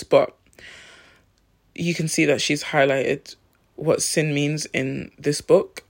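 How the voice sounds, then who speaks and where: A man giving a reflective talk on faith, thinking aloud with pauses and restarts. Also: a little high. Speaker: Christian vlogger.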